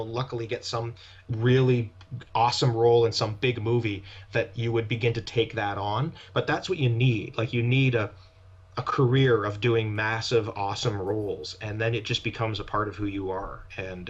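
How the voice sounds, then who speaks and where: A man at a mid-range pitch chats casually as a podcast guest, spinning one long anecdote into the next. His voice comes through dull and lo-fi, with the top end rolled off. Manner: rambling, anecdotal storytelling. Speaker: actor and guest. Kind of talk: casual conversation. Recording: dull lo-fi sound.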